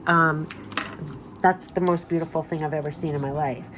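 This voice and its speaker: Gushing woman reading tarot cards, low voice. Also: steady tone, moderate pace, a bit bright, slight background noise. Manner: gushing, emphatic, repeats phrases. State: voice giving out. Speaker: tarot card reader. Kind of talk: spiritual card reading.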